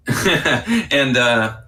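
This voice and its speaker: A man's voice: mid-range voice, sing-song, extremely slow, pushed and bright. A man co-hosting a stream who is a bit drunk and rambles with laughter. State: tipsy. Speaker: regular co-host.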